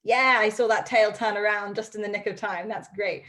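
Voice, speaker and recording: A woman's voice: medium pitch, fairly even intonation, moderate pace, fairly bright tone. A woman dog trainer teaching a live online class over a video call from her home study, upbeat and chatty with frequent ums.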